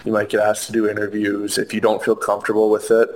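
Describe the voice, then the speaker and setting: A young man, a hockey player, answering interview questions in an earnest, halting way with many fillers. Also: lowish voice, monotone, darkish tone. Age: young adult. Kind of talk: conversational interview.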